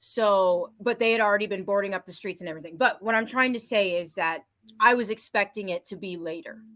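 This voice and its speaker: Halting woman, mid-pitched and thoughtful. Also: fairly bright tone. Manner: hesitant, lots of fillers and restarts. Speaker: panelist. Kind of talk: casual panel discussion.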